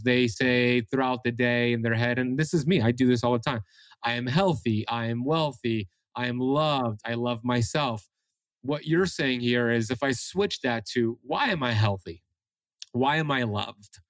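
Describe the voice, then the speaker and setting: A man's voice: medium pitch, dry recording. A man hosting a podcast interview, friendly, often stumbling and restarting his words. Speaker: podcast host. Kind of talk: interview questions.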